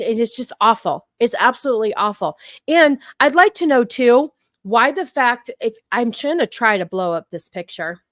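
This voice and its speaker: Woman host reacting to chat on a stream, slightly high, dry close recording. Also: a bit bright, no room sound. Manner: talks back to chat, many fillers and repeats. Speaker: livestream host. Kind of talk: casual livestream commentary.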